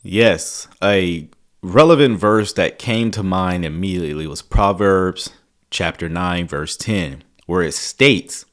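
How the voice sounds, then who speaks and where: A man's voice: low voice, slow. Emphatic man hosting theology commentary. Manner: emphatic, preacherly. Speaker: theology channel host. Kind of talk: commentary on video clips.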